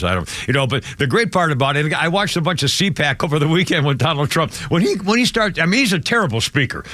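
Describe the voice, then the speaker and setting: A man's voice: on the high side, a bit bright, dry recording. Older man hosting talk radio, rambling. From United States. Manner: rambling, opinionated, restarts often, chuckles. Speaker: radio talk show host. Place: radio studio.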